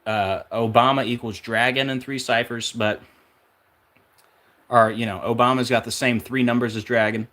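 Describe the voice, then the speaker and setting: A man's voice: medium pitch, fairly even intonation, a bit bright. Male vlog host, mid-range voice, rambling conspiratorial monologue full of fillers. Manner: rapid, listing numbers and links, conspiratorial; off-track, searching aloud with fillers. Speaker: numerology video host.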